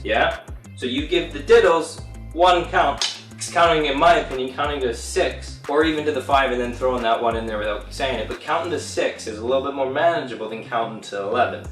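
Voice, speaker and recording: A man's voice: mid-range voice, normal speed, echoey room, distant mic, over music. A man giving a casual drum lesson on a video, talking through stick patterns and counting beats aloud. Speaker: drum teacher.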